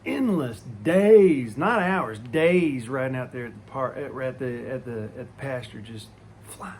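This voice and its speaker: A man's voice: mid-range voice, expressive, a little slow, a little hiss or hum. A man telling a childhood story in a folksy, rambling way, full of restarts and asides. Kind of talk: casual storytelling.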